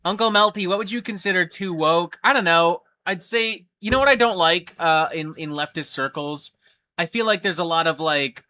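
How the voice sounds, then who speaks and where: A man's voice: a little high, pushed and bright. A man hosting a casual livestream, ranting animatedly with lots of swearing. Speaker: livestream host.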